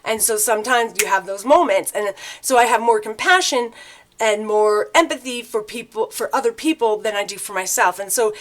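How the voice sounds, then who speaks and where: A woman's voice: medium pitch, normal speed. A woman giving a casual, rambling spiritual talk as a tarot reader, often checking in with her listeners by asking "right?". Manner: chatty, loose and rambling, with frequent tag questions.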